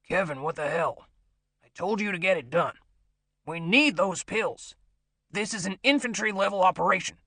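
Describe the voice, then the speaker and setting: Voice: medium pitch, fairly quick, fairly bright tone, no echo, voice pushed down, lightly acted. A narrator voicing an irritated male gang boss speaking curtly over the phone. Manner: curt, impatient.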